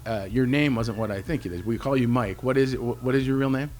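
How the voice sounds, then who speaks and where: A man's voice: mid-range voice, steady tone, quick pace, darkish tone. Chatty, teasing middle-aged male host. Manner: friendly, teasing, with fillers and restarts. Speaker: podcast host. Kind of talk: scripted intro, then casual interview.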